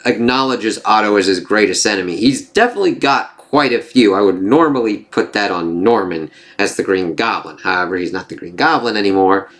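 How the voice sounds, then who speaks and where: A man's voice: on the low side, expressive, a little fast, few pauses, fairly bright tone. A man casually reviewing a comic book, rambling and swearing freely as he goes.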